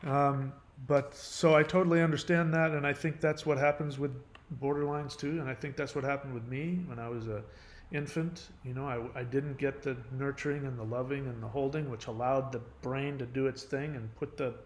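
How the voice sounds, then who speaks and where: A man's voice: medium pitch, fairly even intonation, normal speed, reverberant. Rambling middle-aged man with faint background noise. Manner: rambling, restarts often, many "you know"s. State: has a headache. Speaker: channel host giving advice. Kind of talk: casual monologue.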